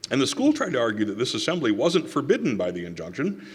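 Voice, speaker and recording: A man's voice: medium pitch, huge pitch swings, fast talker, slightly rough. A man giving a conference talk, with wry, sarcastic asides and quoted passages read aloud. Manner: reads quotations aloud. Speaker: conference speaker. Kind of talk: public lecture. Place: lecture hall. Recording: reverberant hall.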